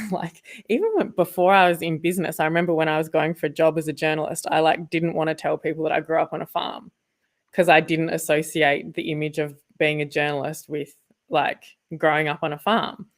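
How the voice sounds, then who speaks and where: A woman co-hosting a podcast, talking casually with lots of fillers and asides. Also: deep voice. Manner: rambling, many fillers, quick asides. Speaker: podcast co-host, former journalist.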